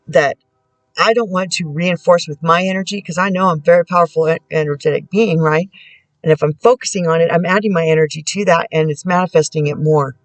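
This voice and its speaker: A woman giving a casual spiritual tarot reading at home. She speaks gently and prayerfully, with many pauses and restarts. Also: deep voice, no echo. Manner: halting and soft-spoken, many pauses and restarts. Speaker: tarot reader and spiritual channeler. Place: indoors at home.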